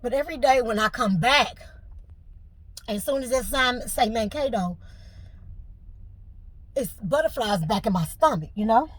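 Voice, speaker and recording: A woman's voice: on the high side, lively intonation, unhurried, long pauses, breathy edge, no room sound. A middle-aged woman, venting to camera with emotion and fighting back tears. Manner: tearful, fighting back crying. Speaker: vlogger.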